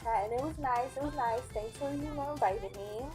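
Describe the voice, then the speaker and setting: A young woman tells a story to camera in a chatty vlog, her voice sitting a little high for a woman. She stays lively and keeps dropping into mock voices for the people she quotes. Soft music plays faintly behind her. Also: a little fast. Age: young adult. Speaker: vlogger. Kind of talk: casual storytime.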